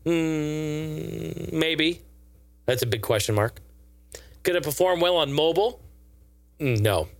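A man's voice: a little high, takes it slowly, vocal fry, long pauses, no room sound. A man giving casual, profane and sarcastic gaming news commentary in a rambling way.

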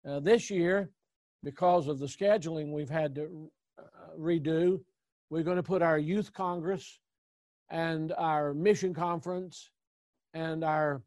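A man teaching as a pastor, earnest and deliberate, repeating key points for his listeners. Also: fairly high pitch, a little mellow, dry recording. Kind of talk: sermon-style teaching.

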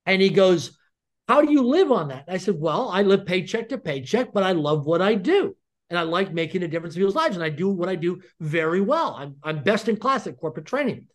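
A fast-talking man with a high-set voice tells a personal story at full pace. He is middle-aged and animated, and he acts out every line of dialogue as he goes. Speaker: podcast guest. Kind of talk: energetic storytelling.

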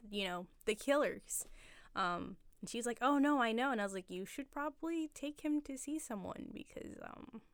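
A young woman working as a barista guests on a podcast, chatting casually in a laid-back way and saying "like" a lot. Her voice is a little high, smooth and animated at normal speed, with no echo.

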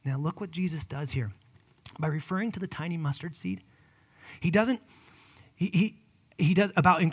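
High-voiced earnest man preaching. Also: slightly rough. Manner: earnest and conversational, swinging from loud emphatic peaks to hushed whispers; personal, addresses listeners as guys. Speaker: pastor. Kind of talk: sermon.

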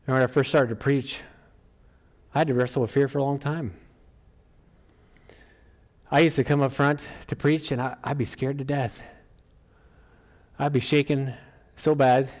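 A middle-aged male pastor preaching from the front of a church. His delivery is animated, climbing higher and louder on emphatic lines. He drops back to a quieter, conversational tone between peaks. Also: normal speed, pauses often. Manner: animated preaching, often rising to emphatic exclaims. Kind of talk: sermon.

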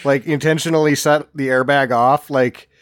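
A man's voice: medium pitch, steady tone, moderate pace. A man co-hosting a casual movie podcast, making wry, crude jokes in a laid-back way. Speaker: podcast co-host. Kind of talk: casual movie-riffing chat.

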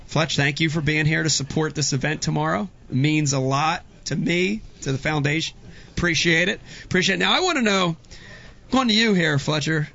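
A man's voice: a little high, a little fast, creaky, sharp tone, dull audio. A man hosting an interview, asking questions and praising his guests with enthusiasm. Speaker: host. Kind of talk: casual interview chat.

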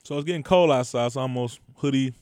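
A man's voice: medium pitch, fast talker, darkish tone, no room sound. Laid-back teasing man, casual co-host. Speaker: podcast co-host. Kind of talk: casual chat.

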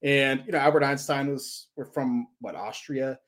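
A man's voice: mid-range voice, normal speed, a bit bright. A man co-hosting a podcast, telling stories and giving advice in a loose, rambling way with lots of fillers. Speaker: podcast co-host. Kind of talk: casual podcast chat.

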